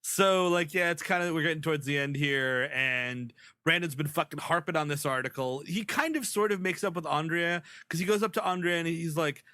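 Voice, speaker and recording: Bright, rambling podcast co-host. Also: male voice, on the high side, fairly quick, few pauses, smooth, no echo. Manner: rambling, laughs often, mocking asides. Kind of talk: casual comedic recap chat.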